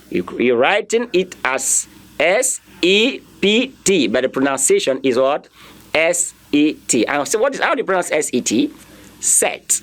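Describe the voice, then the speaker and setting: A man teaching a French lesson, spelling words letter by letter and repeating them for learners to copy, firmly correcting common mistakes. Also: fairly high pitch. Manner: slow, drilling repetition with spelled-out letters. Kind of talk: online language lesson.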